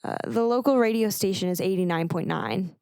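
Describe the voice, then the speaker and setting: A woman's voice: medium pitch, brisk, a little mellow, clear, resonant tone, no room sound, clean studio sound, natural voice. A woman voicing a nervous teenage girl who stammers and rambles on. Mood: rambling. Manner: stammering, talks on when nervous.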